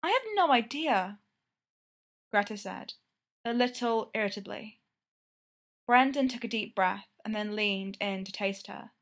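A woman narrating a romance story with steady, intimate storytelling. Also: mid-range voice.

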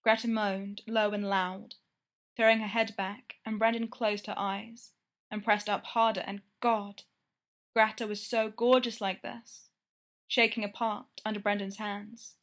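A woman narrating a romance story with steady, intimate storytelling. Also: medium pitch, measured pace.

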